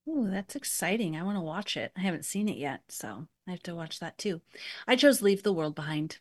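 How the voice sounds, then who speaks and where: Female podcast co-host, lower pitch, enthusiastic, dry close recording. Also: animated, a little fast, husky, no echo. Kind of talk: casual podcast chat.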